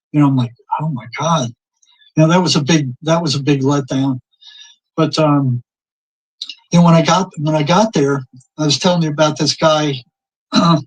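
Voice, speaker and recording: Older man, raised pitch, husky; rambling storyteller who acts out dialogue. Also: low-quality recording. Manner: rambling anecdotes, repeats words, acts out quoted exchanges. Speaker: guest telling stories. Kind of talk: casual storytelling.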